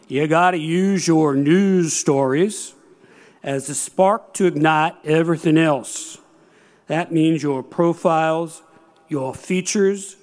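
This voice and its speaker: A man imitating an older male newspaper editor with a North Carolina drawl, giving slow, blunt advice. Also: a little high, darkish tone.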